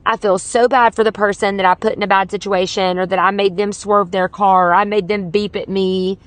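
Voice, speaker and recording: Woman podcast host just chatting, earnest, lots of "like", middle pitch voice. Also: flat delivery, brisk, dry recording. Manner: chatty and earnest, many "like" fillers. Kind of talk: casual solo podcast storytelling; scripted podcast intro.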